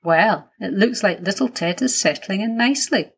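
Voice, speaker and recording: A woman's voice: mid-range voice, animated, normal speed, husky. A woman voicing a cheerful, welcoming mother greeting guests in a children's storybook.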